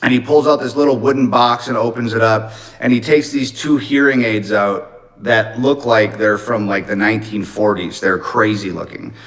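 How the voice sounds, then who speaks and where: A man's voice: fairly low pitch, normal speed, poor audio. Profane, rambling male storyteller. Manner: profane, rambling, animated retelling. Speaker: livestreamer telling a story. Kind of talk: casual storytelling.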